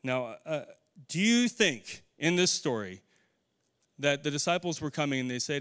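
A man's voice: high voice, expressive, normal speed, fairly bright tone, clean tone. A middle-aged man preaching a conversational sermon, putting questions to his congregation. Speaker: pastor.

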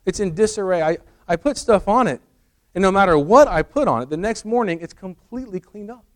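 A man playing a husband earnestly explaining a magic coffee table, in a raised, animated voice. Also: sits high, brisk, voice pushed up. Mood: insistent. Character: exasperated husband insisting the house is magic.

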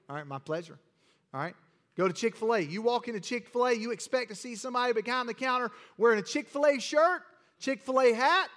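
A man's voice: a little high, fairly bright tone, in a large hall. A man preaching a sermon as pastor, building fervor and throwing in casual asides. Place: church sanctuary.

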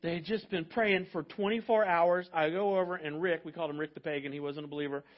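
A male pastor telling a story in a sermon, in a conversational way that moves between hushed and loud. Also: a little high, fairly even intonation, fast, muffled recording. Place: church sanctuary.

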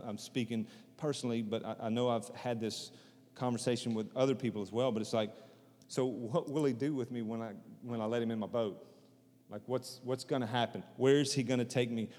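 A man's voice: medium pitch, darkish tone, in a large hall. A man preaching a sermon in a conversational way, repeating phrases for emphasis. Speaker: pastor.

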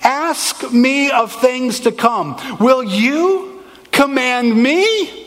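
A man's voice: very high-pitched, drawn-out words, a bit bright, in a large hall, voice pushed up, heavily acted. A man voicing God as an indignant creator scolding his creations, with an exasperated, emphatic delivery. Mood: booming.

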